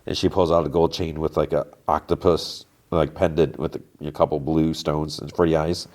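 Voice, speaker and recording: A man's voice: rumbling low, little pitch movement, moderate pace, darkish tone. A man hosting a podcast, giving a casual, rambling recap of a TV episode and quoting the characters as he goes. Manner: rambling, quotes characters with lots of "he's like". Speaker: podcast host.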